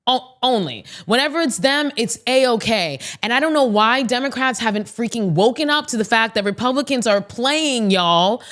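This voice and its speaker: A woman's voice: a little high, expressive, normal speed, hardly any pauses, fairly bright tone. Outspoken woman podcast host. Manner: blunt, outspoken, swears freely; talks straight to listeners. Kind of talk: casual political commentary.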